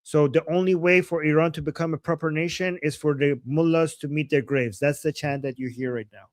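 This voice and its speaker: A man on a video call giving live commentary on protest videos, excitable and often exclaiming as he translates chants. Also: a little high, fairly quick, dry recording. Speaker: guest commentator. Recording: loud background noise.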